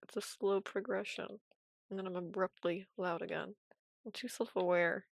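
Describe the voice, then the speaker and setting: A woman streaming animation from home, giving casual commentary while she draws, in a soft, quiet, half-whispered way. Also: mid-range voice, steady tone, normal speed, creaky, dry recording.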